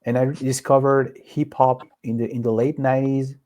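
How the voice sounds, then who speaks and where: A man with a French accent answers questions in a relaxed interview. His voice is mellow, and he hesitates and circles back as he talks. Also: medium pitch, normal speed. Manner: hesitant, many fillers and restarts. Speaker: guest.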